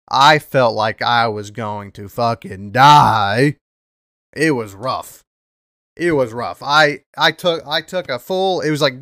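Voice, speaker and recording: A young man hosting a podcast, telling a story in a rambling, profane way, repeating himself and bursting into loud rants. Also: medium pitch, no room sound, clean studio sound. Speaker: podcast host. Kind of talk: casual storytelling monologue.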